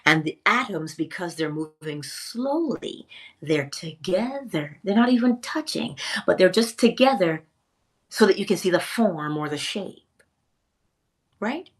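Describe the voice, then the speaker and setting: A woman teaching a spiritual lesson in a theatrical way, pausing often and dropping to a whisper for emphasis. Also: lowish voice, animated, breathy edge.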